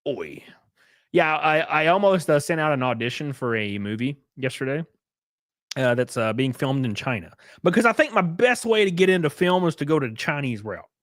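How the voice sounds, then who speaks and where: A man's voice: fairly high pitch, very animated, fairly quick, a bit bright, dry recording, clean studio sound. A man hosting a casual commentary stream, ranting sarcastically and swearing freely. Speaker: streamer host.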